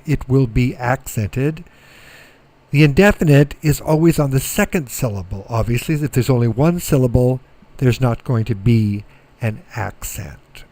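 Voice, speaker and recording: A middle-aged man giving a recorded lecture, slow and methodical, repeating words so students can follow. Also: medium pitch, darkish tone, no echo. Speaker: Greek teacher.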